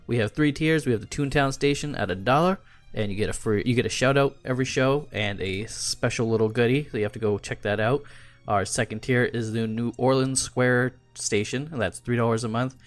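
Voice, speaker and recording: A man co-hosting a casual podcast, relaxed, slowing down to read out promos. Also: medium pitch. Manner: relaxed, reads promos slowly and deliberately. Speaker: podcast co-host. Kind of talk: casual chat.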